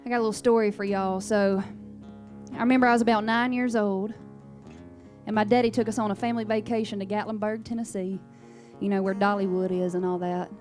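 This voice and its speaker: A woman's voice: mid-range voice, steady tone, fairly quick, a little mellow, soft background music. A young woman from Louisiana with a thick Southern accent, telling folksy, sassy stories between songs in a radio studio. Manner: folksy, sassy, down-home storytelling. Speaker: country singer. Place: radio station performance studio.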